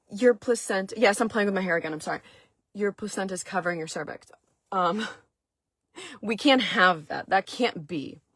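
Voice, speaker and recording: A middle-aged woman with a Maine accent talks on a casual home stream in a fairly low voice. She rambles warmly through her story with lots of "like" and restarts. The sound is dry and close, with no room around it. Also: no room sound. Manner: chatty, emotional, many fillers and restarts; talks to viewers in the chat. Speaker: host of a chat stream.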